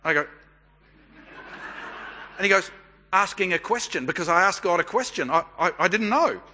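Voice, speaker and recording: A middle-aged Australian man preaching a sermon and telling a story, with measured, deliberate pauses. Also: high voice, animated, bright, forceful tone. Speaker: pastor. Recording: long hall reverb.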